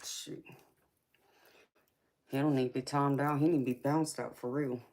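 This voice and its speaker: With a rumbling low, darkish voice and a steady tone, this Southern American woman hosts a tarot livestream at a moderate pace. She drawls sassily through casual chat and calls her viewers baby.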